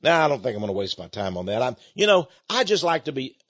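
A man's voice: mid-range voice, sing-song, fast talker, a bit bright, husky, no room sound. A man, talking to his listeners in a folksy, meandering monologue. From Texas. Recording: dull, lo-fi dry recording.

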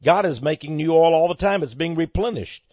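A man giving emphatic, preaching-style commentary on the news, asking rhetorical questions and swinging between loud and soft. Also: on the high side, a little fast, breathy edge, dry recording. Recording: dull lo-fi dry recording.

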